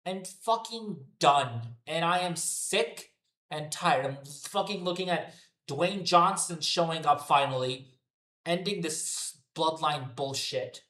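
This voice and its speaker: Man, swearing rant, repetitive, fairly high voice, echoey room. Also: slow, sharp tone. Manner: profane, ranting, repetitive. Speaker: wrestling commentary streamer. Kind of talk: unscripted rant to a live chat. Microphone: headphones on.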